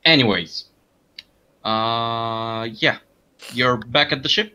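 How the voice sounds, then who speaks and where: A man running a tabletop game for friends, laid-back and quick to laugh, often stammering and restarting. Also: medium pitch, bright, forceful tone, smooth. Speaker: game master.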